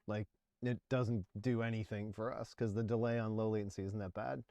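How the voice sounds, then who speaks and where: A man's voice: fairly low pitch, flat delivery, brisk, gravelly, warm tone, dry recording. A man in his forties hosting a casual livestream, rambling and laughing as he talks about music. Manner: rambling, chatty, laughs often. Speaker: livestream host.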